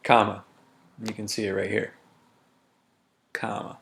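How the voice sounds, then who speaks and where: Low-voiced male teacher explaining grammar. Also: flat delivery, vocal fry, a bit bright, slight background noise. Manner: methodical, reads example sentences slowly with emphasis. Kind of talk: recorded grammar lesson walkthrough.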